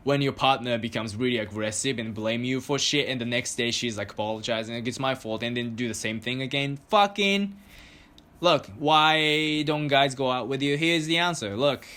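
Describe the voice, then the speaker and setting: A man's voice: medium pitch, a bit bright. A male podcast host telling a story in a loose, casual monologue. His talk is crude and full of swearing, and it carries an exasperated edge.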